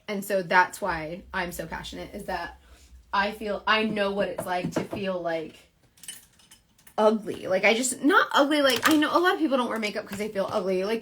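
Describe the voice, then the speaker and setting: A woman's voice: mid-range voice, expressive, fairly quick, fairly bright tone, slight background noise. A woman selling makeup on a casual live stream, talking in a rambling, earnest way with many fillers. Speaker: makeup seller.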